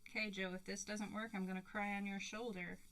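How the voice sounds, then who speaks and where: A woman hosting a live crafting stream, excitable and giggly as she chats to her viewers. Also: medium pitch, a little fast. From Canada. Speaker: craft livestream host. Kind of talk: live crafting demo chat.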